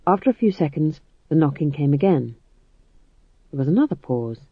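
A man narrating an audiobook in a wry, expressive way. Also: fairly high pitch, moderate pace, husky, no echo, narrow, tinny audio.

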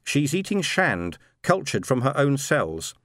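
A man's voice: medium pitch, big pitch swings, unhurried, fairly bright tone, no echo, clean studio sound, pitched above the performer's own voice. A man voicing a brusque, powerful machine intelligence that speaks through robots, reading a story.

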